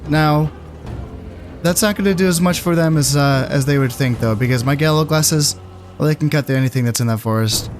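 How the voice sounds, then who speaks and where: A man casually commentating his strategy game, thinking aloud in a relaxed, musing way with fillers. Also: fairly high pitch, brisk, soft background music. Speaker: gameplay commentator. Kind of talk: casual let's-play commentary.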